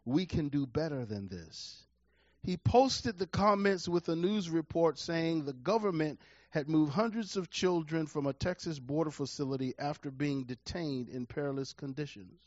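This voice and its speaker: Emphatic preacher with a high voice. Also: male voice, animated, moderate pace, dry recording, highs cut off. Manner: emphatic preaching, repeats key phrases, swings from quiet to loud. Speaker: pastor. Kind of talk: sermon.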